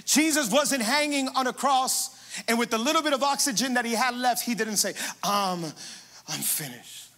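A man pastor preaching a sermon, emphatic, moving between hushed passages and loud, rising declarations. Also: very high voice, fairly quick, long reverb tail.

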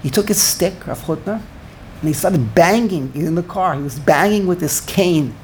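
An older man teaching an informal Torah class, animated, repeating words and searching for the right word. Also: on the high side, normal speed, slight background noise.

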